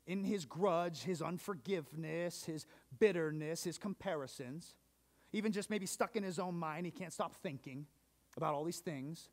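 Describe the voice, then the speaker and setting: A man preaching a sermon in a casual, conversational, enthusiastic manner, dropping his voice low for emphasis.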